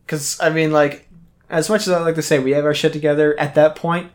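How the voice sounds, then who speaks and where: Wry, slightly high-voiced male co-host. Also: little pitch movement, a little fast. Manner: wry, profane, emphatic riffing. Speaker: podcast co-host. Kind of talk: casual chat.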